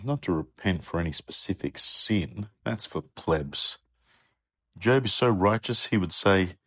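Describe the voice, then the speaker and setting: This is a man with a lowish voice, recorded dry and close. He narrates with sarcastic, sweary humour and keeps switching into loud, high-pitched character voices. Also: expressive, measured pace, slightly rough, no echo. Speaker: comedy podcast narrator. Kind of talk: irreverent comic retelling.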